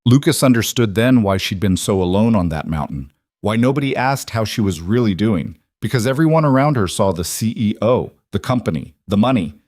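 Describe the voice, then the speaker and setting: A man narrating a scripted story in a steady, even manner. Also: fairly low pitch, fairly quick, hardly any pauses, no room sound, studio quality.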